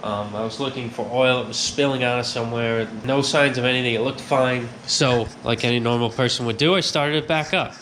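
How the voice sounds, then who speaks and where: A man's voice: mid-range voice, steady tone, fairly quick, hardly any pauses, fairly bright tone, slight background noise. A man hosting a garage vlog, with a stuffed-up nose, telling a story in a chatty way and acting out his own reactions. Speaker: garage host. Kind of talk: casual workshop vlog.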